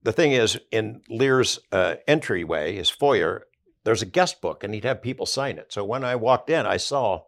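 A man's voice: lowish voice, lively intonation, moderate pace, gravelly. An older man, an investigative journalist, recounting past events conversationally in a podcast interview.

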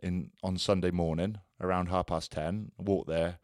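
A man's voice: deep voice, steady tone, normal speed, a little mellow, no echo, studio quality. A man in his thirties, a former rugby player co-hosting a casual podcast and telling chatty anecdotes. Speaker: podcast co-host. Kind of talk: casual chat.

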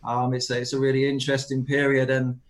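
A man's voice: medium pitch, completely flat delivery, fast talker. Enthusiastic young-sounding male education guest. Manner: enthusiastic, hedging with "I guess". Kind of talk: radio interview.

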